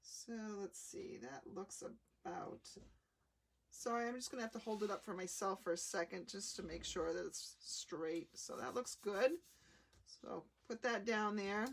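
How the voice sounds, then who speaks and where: A woman hosting a live card-making demonstration, explaining each step in a chatty, unhurried way. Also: medium pitch, creaky. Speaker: craft demonstrator.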